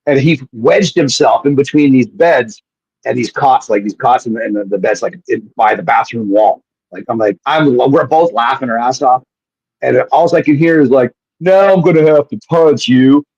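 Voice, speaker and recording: A husky-voiced man talks as a guest on a live show. He tells rambling, profane anecdotes and keeps restarting his sentences. The sound is dry and muffled, like a lo-fi feed. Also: mid-range voice, moderate pace, a little mellow, no echo. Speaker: guest, former pro wrestler. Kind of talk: casual storytelling on a live show. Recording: dull lo-fi sound.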